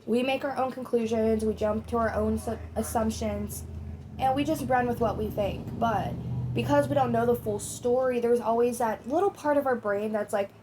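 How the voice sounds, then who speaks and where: A woman's voice: fairly high pitch, normal speed. Woman, commentary host, chatty, opinionated, speaks to viewers, faint noise behind. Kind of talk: casual commentary.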